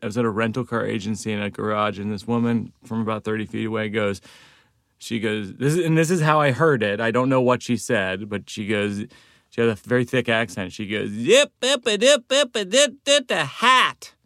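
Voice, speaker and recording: A man's voice: fairly low pitch, dry recording, clean studio sound. A man in casual chat who laughs easily and tells comic stories. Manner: lively, quick to laugh, tells comic bits. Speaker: comedian guest.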